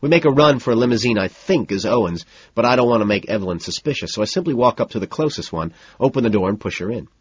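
Husky deadpan male audiobook narrator. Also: mid-range voice, fast, hardly any pauses, no room sound. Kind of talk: first-person audiobook narration. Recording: dull, dry lo-fi recording.

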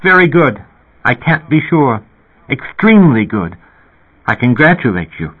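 A man reading a calm, cryptic young woman in a raised voice, cool and lightly teasing, through a narrow-band radio sound. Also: medium pitch, measured pace, slightly rough, pitched above the performer's own voice.

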